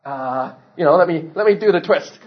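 Man voicing a small eager baby eagle, slightly high, low-fi sound. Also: animated, moderate pace, natural voice. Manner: eager, trying things out loud. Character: small frightened baby eagle learning to fly. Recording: dull lo-fi recording.

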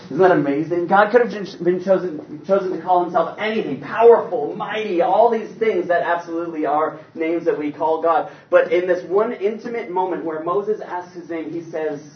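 A man preaching a sermon in an animated, conversational way with playful asides. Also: on the high side, a little hiss or hum. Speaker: pastor. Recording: roomy, distant, dull sound.

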